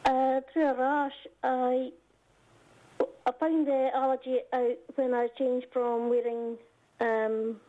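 A woman's voice: sits high, flat delivery, slow. A Scottish woman calling in by phone to a radio show as a small business owner, hesitant with many ums. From Scotland. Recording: dull phone line.

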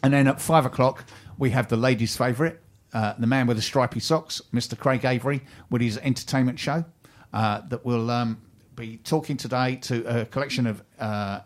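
A man co-hosting a local radio show, chatting casually and reading out what's coming up, full of ums and restarts. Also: mid-range voice. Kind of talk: casual radio chat and station announcements. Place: radio studio.

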